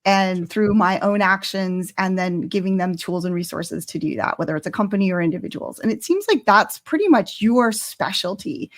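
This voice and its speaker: A woman's voice: mid-range voice, animated, moderate pace, few pauses. Heartfelt woman podcast host. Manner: heartfelt, rambling, with many restarts. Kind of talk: casual conversation.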